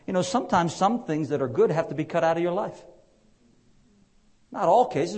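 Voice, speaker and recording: A man's voice: mid-range voice, fairly quick, dark tone. A man preaching a conversational sermon, with rising emphatic peaks and frequent fillers.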